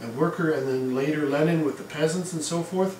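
A man gives a casual history lecture to a class, talking conversationally with asides and fillers. His fairly high voice moves a little fast with a darkish tone, and a little hiss or hum comes through. The room is echoey and the mic sits at a distance.

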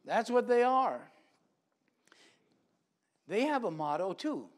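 A man preaching a sermon in a church, animated, acting out quoted voices with big swings in loudness. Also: high-pitched, slow pace.

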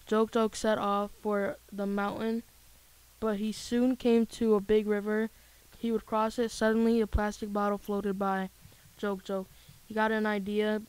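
Woman, storybook reader, even and level tone, clean resonant voice, dry sound. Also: medium pitch, a little slow, clear, resonant tone, no room sound, rough recording. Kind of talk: children's story read-aloud.

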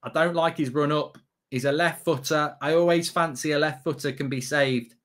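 A man giving excitable, sweary live reaction commentary as a streamer, half talking to himself. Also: on the high side, moderate pace.

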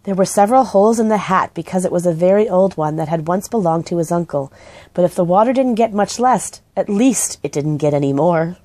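A woman gently and expressively reading a children's book aloud. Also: lowish voice, a little fast, no echo. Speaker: storybook reader.

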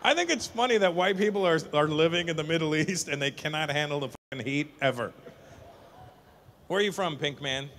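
Teasing stand-up comic, bright voice. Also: male voice, a little high, a little hiss or hum. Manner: teasing, profane, quick banter with the crowd. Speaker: stand-up comedian. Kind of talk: stand-up crowd work. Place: live comedy stage.

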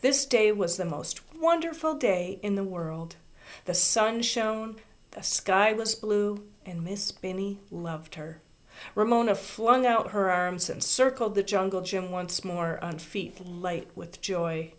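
Soft-spoken woman reading a storybook. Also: mid-range voice, slow pace. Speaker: reader. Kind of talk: storybook read-aloud.

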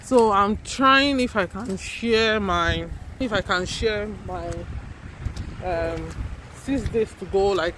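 A vlogger talks directly to her viewers in a casual video shot on a handheld phone, chatty and excitable as she covers her news with lots of asides. She begins in a car with vehicle noise behind her, then moves into a small home office. Her voice is medium-pitched and slow.

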